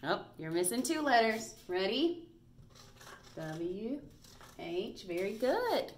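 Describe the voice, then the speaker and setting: A woman's voice: mid-range voice, sing-song, slow, slight background noise. A woman teaching a recorded reading lesson to first graders, patient and praising as she spells out letters.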